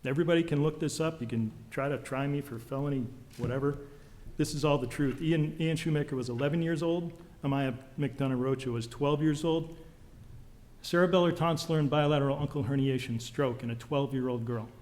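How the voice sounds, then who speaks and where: A man's voice: on the high side, a little mellow. Angry man testifying in a reverberant hall. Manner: intense, accusatory, rapid technical jargon. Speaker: witness testifying at a legislative hearing. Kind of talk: public testimony. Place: legislative hearing room.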